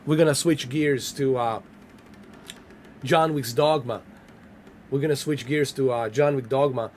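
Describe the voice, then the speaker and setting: A man's voice: medium pitch, a little slow, darkish tone, slight background noise. A man casually commenting on a game during a livestream, loose and joking as he banters with his chat. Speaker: gaming livestreamer.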